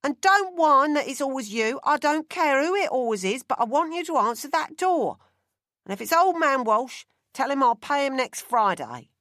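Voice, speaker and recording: A woman's voice: sits high, very animated, normal speed, a bit bright, no room sound, clean studio sound, pitched above the performer's own voice. A woman reading an audiobook, voicing a harried, scolding working-class mother from London. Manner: screeching, scolding. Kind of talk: audiobook character voice.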